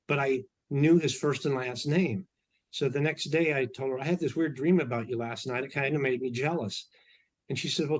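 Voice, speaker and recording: Middle-aged male guest, loose anecdotal storyteller, lots of ums and restarts. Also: mid-range voice. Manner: relaxed anecdotal, many fillers and restarts. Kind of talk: storytelling in an interview.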